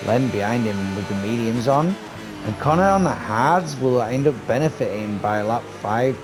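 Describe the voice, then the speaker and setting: A man giving casual, excitable live commentary on a sim racing league, chatty and swearing casually, with game noise behind him. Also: mid-range voice. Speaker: race commentator.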